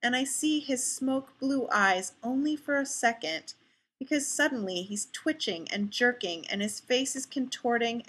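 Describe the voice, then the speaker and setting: A woman narrating a first-person story aloud, intimate and measured. Her voice is bright and a little high. She reads with steady expression. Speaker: story reader.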